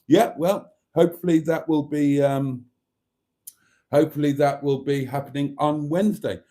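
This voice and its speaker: Middle-aged British male host, rambling live-stream chat, dark mellow tone, dry humour. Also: fairly high pitch, steady tone, moderate pace. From Britain. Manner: chatty and rambling, with dry jokes and mock outrage. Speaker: livestream host reading viewer comments.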